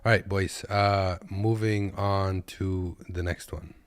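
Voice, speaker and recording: A man's voice: sits low, fairly even intonation, slow, clear, resonant tone, dry recording. A man from Kazakhstan who drives trucks, giving laid-back, joking reaction commentary from his desk. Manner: laid-back, joking, talks to viewers as "boys".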